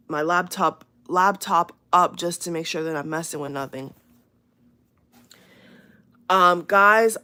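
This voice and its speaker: A woman's voice: fairly low pitch, pushed and bright. A woman hosting her channel, speaking casually and earnestly to her viewers, rambling and repeating herself with many fillers. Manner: earnest and emphatic. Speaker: channel host. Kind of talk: casual spoken warning to viewers.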